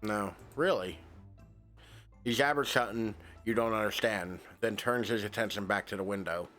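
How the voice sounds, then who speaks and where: A man's voice: on the low side, a little fast, fairly bright tone, faint music behind. A man streaming a game, reading its text aloud and breaking off into joking, swearing asides.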